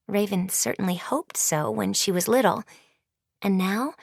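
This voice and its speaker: A woman reading a storybook audiobook in a measured, suspenseful way. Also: medium pitch, gravelly, darkish tone, no room sound, studio quality. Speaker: audiobook narrator. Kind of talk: scripted storybook narration.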